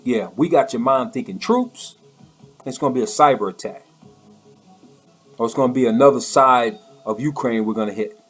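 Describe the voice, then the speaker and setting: A man delivering an impassioned, preachy monologue in loose, colloquial speech, tripping over repeated words as he presses on. His voice sits at an ordinary middle pitch. Soft music plays faintly behind him. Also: normal speed, long pauses, husky. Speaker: political commentator.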